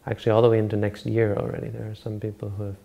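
A man giving an informal Buddhist dharma talk as a monk teacher, rambling and halting with many restarts and self-corrections. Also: lowish voice, monotone, creaky, dark tone, lo-fi sound.

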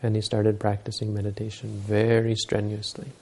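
A man's voice: lowish voice, monotone, moderate pace, gravelly, a little mellow. A man giving a Buddhist dharma talk, telling stories and explaining teachings unhurriedly, using Pali terms.

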